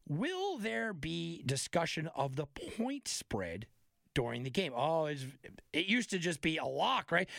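Animated man talking sports bets. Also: on the high side, gravelly, dry recording, clean studio sound. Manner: animated storyteller, emphatic, some restarts. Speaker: sports betting analyst. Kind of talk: casual betting talk.

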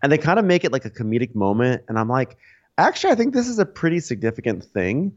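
A man's voice: medium pitch, fast talker, highs cut off. A man co-hosting a podcast, chatting casually and animatedly about a reality show and acting out the people in it. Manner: animated, acts out quoted people in raised voices. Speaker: podcast co-host.

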